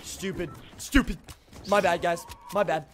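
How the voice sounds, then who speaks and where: Upbeat young male game streamer, high pitch, chatty with viewers, faint background hiss. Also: measured pace. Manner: upbeat, greets chat by name, excitable outbursts. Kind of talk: casual live-stream chat while playing.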